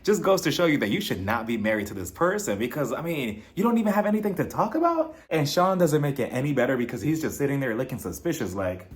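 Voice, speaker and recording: A man's voice: medium pitch, big pitch swings, fast, hardly any pauses. A man giving a casual, comedic recap of a reality show, chatty and sassy, laughing often.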